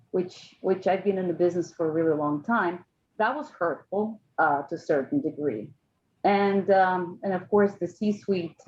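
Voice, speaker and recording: A woman's voice: on the low side, darkish tone, a little hiss or hum. Woman, muffled call audio. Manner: hesitant, many fillers and restarts. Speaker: panel guest. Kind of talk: casual video-call discussion.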